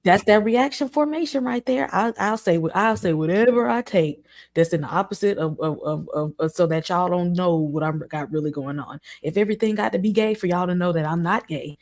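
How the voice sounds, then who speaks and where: A woman's voice: fairly low pitch, fairly quick. A woman in a casual TV review chat, giggling often and acting out quoted lines in a rising, playful voice. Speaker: co-host reviewing a TV series.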